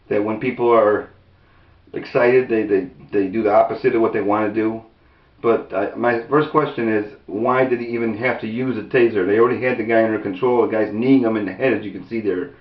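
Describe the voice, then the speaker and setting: A man giving angry, unscripted commentary to his viewers, indignant and rambling, with restarts and a raised pitch whenever he quotes others. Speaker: video commentator. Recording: roomy, distant, dull lo-fi sound.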